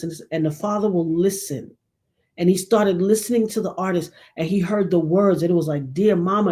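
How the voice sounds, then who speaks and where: A middle-aged woman hosting her own show, talking with preacher-like emphasis and acting out quotes. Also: medium pitch. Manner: animated preacherly, acts out quotes. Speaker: show host. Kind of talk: casual commentary monologue.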